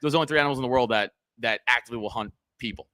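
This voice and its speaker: A young man co-hosting a podcast, chatting casually and telling stories in an animated, profane way. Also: mid-range voice, rapid-fire, dry recording, clean studio sound. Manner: animated, profane, tells stories with quoted voices. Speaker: podcast co-host.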